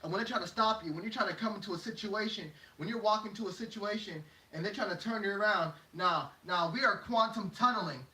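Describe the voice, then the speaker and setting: A man's voice: high voice, fast talker, few pauses, pushed and bright. A man giving a playful, slangy motivational lecture at a whiteboard, laughing as he explains. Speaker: whiteboard teacher. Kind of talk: casual motivational lecture at a board. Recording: echoey room, mic at a distance.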